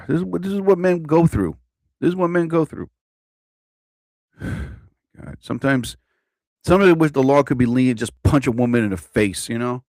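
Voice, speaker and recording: Animated, cursing live-streamer man. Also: medium pitch, normal speed, long pauses, dry recording. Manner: animated, profane, repeats himself. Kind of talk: rambling live-stream rant. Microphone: own desk mic.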